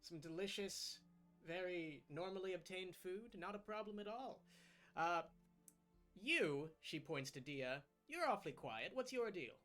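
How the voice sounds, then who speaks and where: A man's voice: sits high, expressive, a little slow, fairly bright tone, soft background music. A man voicing a flirtatious, carefree fae princess with a playful, laughing manner in a tabletop game. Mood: breezy.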